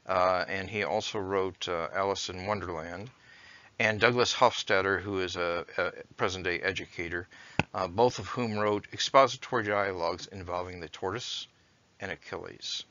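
Male teacher, measured explainer, bright forceful tone, dull lo-fi dry recording. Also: low voice, steady tone, slight background noise. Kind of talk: recorded lecture with read-aloud story.

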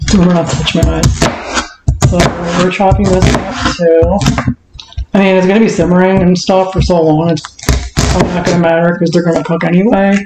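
A woman's voice: on the low side, noisy background. A woman vlogger chatting in a rambling, self-talking way as she cooks in her home kitchen, recorded on a camera and phone on the counter. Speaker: cooking vlogger. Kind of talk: casual cook-along chat.

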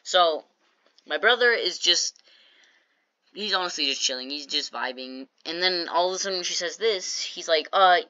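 A woman's voice: on the low side, expressive, moderate pace, bright, forceful tone, no room sound, muffled recording. A woman casually telling a storytime vlog, chatty and jokey, acting out what people said. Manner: chatty, jokey asides, acts out quoted lines. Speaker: storytime vlogger.

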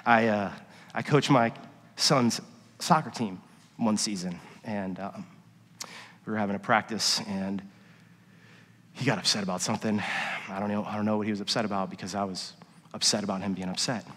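A middle-aged man, a worship pastor, preaching a sermon and telling personal stories, dropping to quiet confession and rising to emphatic points. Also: lowish voice, fairly even intonation, moderate pace, long pauses. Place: church sanctuary. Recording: long reverb of a church hall.

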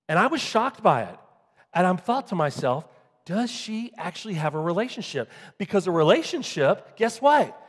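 A male pastor preaching a sermon, swinging from loud emphatic peaks to quiet low asides. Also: sing-song, moderate pace, husky. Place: church sanctuary. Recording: long hall reverb.

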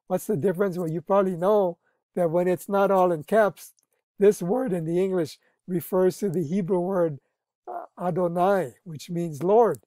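A man's voice: high-pitched, warm tone, dry recording. A man teaching a Bible study, explaining earnestly, often restarting his sentences and stressing key words.

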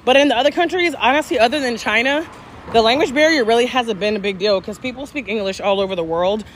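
A woman's voice: fairly high pitch, fast talker, a little hiss or hum. A middle-aged woman from the South, chatting casually with livestream viewers while walking outdoors, joking and answering their comments. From Southern United States. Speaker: travel vlogger. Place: city street outdoors with traffic. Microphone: phone held at arm's length.

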